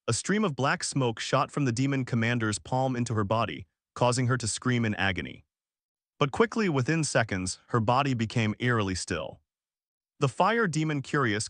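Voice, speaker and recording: A male narrator who reads a story recap with dramatic flair. His pitch swings a lot, and the dry, close sound has no room echo. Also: fairly bright tone.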